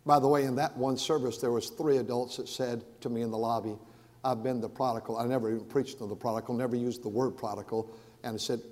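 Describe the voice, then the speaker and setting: Earnest pastor preaching in a reverberant hall. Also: male voice, mid-range voice, steady tone, brisk. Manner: earnest, repeats and restarts words, swings from raised to hushed. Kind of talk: sermon. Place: large church sanctuary.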